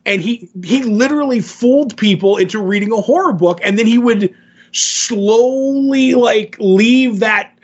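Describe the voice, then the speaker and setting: A man in a casual podcast chat, retelling comic stories with animated energy and acting out the quotes. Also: very high voice, measured pace. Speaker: podcast co-host. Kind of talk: casual comic book discussion. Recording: dull lo-fi sound.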